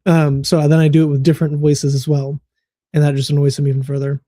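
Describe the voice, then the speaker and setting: An American man in his thirties, co-hosting a casual podcast and telling stories in a relaxed, rambling way with fillers and laughs. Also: fairly high pitch, fast, no room sound, studio quality. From United States. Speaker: co-host.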